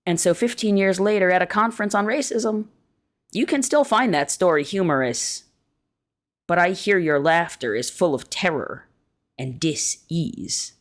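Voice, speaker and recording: A woman reading an essay aloud in a measured, deliberate way, slowing down to stress key words. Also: fairly low pitch. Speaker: reader of an essay.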